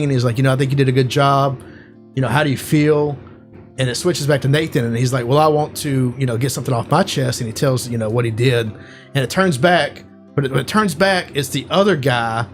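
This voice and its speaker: A man co-hosting a casual podcast, rambling through an animated retelling with lots of fillers. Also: medium pitch. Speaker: podcast co-host. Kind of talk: casual chat.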